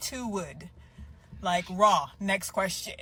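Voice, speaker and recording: A woman in a casual video gushes in a playful, animated way, stretching out her exclamations. Her pitch is ordinary, with faint hiss behind her. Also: slow pace. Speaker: woman in a reacted-to clip.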